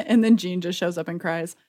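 A woman's voice: lowish voice, normal speed. A young woman chatting casually as a podcast co-host, retelling scenes wryly with sudden laughs. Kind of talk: casual chat.

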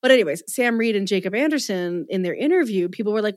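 A woman's voice: medium pitch, animated, fast, dry recording. A woman chats with eager, self-deprecating energy and keeps restarting her sentences as she works out her thoughts. Her voice sits in the middle range. The recording is dry and close. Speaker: podcast co-host. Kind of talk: casual chat.

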